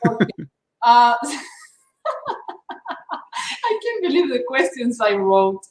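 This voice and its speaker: A woman's voice: on the high side, very animated, slow, a little mellow, roomy sound. A woman co-hosting a casual livestream interview, giggly and bubbly as she reads questions. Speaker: co-host.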